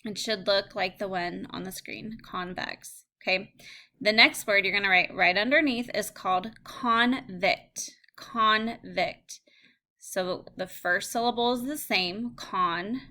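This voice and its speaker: Bright-voiced woman teacher dictating words. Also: medium pitch. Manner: slow, clear word-by-word dictation. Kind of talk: recorded phonics lesson.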